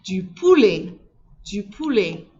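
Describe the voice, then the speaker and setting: A woman teaching a recorded French lesson, slowly modeling words for learners to repeat and prompting them warmly between drills. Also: mid-range voice, very animated. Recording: dull lo-fi recording.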